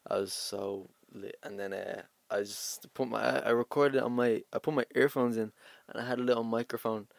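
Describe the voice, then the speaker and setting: A man's voice: mid-range voice, steady tone, normal speed, vocal fry, no echo. A young man, a rapper, chatting casually about his music in a laid-back way, laughing often and trailing off. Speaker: rapper guest. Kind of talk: casual interview chat.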